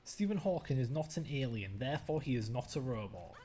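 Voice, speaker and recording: A young man chatting casually while streaming a game, animated and jokey, ranting and mocking himself. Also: mid-range voice, fairly quick, a little hiss or hum. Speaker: stand-in streamer. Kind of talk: casual gameplay stream chat.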